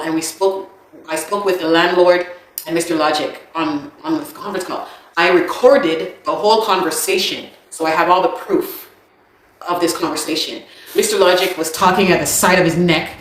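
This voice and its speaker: A woman telling a personal story of a dispute in an animated, indignant way, often repeating words. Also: fairly low pitch, reverberant. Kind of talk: casual spoken account.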